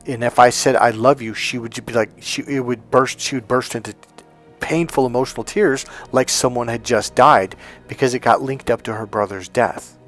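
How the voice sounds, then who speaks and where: Guy coaching on dating, mid-pitch voice, pushy and emphatic, faint music behind. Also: fairly even intonation, moderate pace, a bit bright. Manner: emphatic, persuasive, acts out quoted voices. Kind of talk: coaching monologue to camera.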